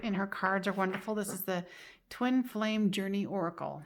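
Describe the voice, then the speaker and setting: A woman reads tarot cards for her viewers in a relaxed, conversational way. Her voice sits at a middle pitch and she keeps reassuring the listener. A faint hiss runs under her voice. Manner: chatty, reassuring, leans on "you know" and "like". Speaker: tarot reader. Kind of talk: casual tarot card reading to camera.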